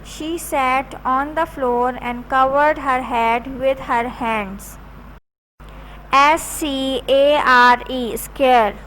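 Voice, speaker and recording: A woman teacher reads a storybook aloud to her class at a very slow, careful pace. Her voice sits high. She pauses to spell key words out letter by letter, in the measured way of classroom dictation. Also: steady tone, a bit bright, slight background noise, low-quality recording.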